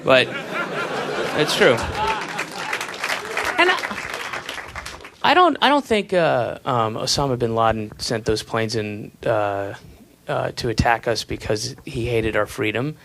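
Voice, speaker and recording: This American comedian's stand-up set is a slow, profane, sarcastic rant with mocking whispered asides, his mid-range voice creaky, a bit bright, and full of big pitch swings and long pauses. Recorded live in a comedy club, it has a laughing audience, a faint crowd, murmur, and faint noise.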